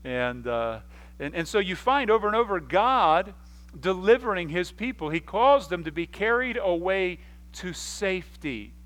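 Lively, animated man preaching a sermon. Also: high-pitched, poor audio. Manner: animated storyteller, acts out scenes with quick voices and sudden shouts; frequent restarts and repeated words. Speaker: pastor.

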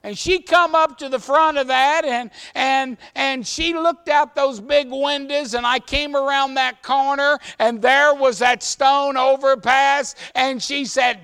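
A man's voice: very high voice, steady tone, a little slow, few pauses. A man, a preacher telling a story in a sermon in a folksy way. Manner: folksy storyteller, acts out shouted quotes.

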